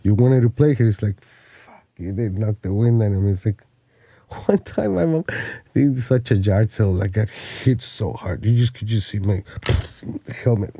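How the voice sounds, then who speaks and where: Mexican guy in his 40s, low mellow voice, dry close sound, cussing and laughing through old stories. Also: normal speed, husky, no room sound. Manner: laughing, swearing, animated anecdotes. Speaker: podcast guest. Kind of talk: casual storytelling chat.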